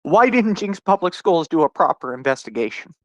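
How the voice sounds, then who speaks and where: A man's voice: a little high, big pitch swings, a little fast, dry recording. A man in a heated podcast conversation, telling his story in an angry, profane rush and acting out his own retorts. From Oklahoma.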